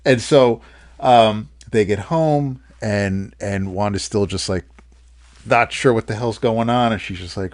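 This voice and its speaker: A man's voice: lowish voice, moderate pace. A man co-hosting a comics podcast, casually recapping a story with many restarts and fillers.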